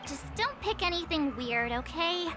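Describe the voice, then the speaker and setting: A bubbly young girl in a game, her voice very high and full of swoops. She talks in a bright, expressive way and stays cheerful. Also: moderate pace, over music. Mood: teasing. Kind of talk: game voice acting.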